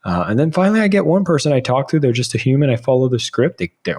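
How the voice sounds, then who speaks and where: A man's voice: medium pitch, big pitch swings, very fast, hardly any pauses, a little mellow. A man in his thirties, a podcast guest, telling a casual story and acting out his own past lines.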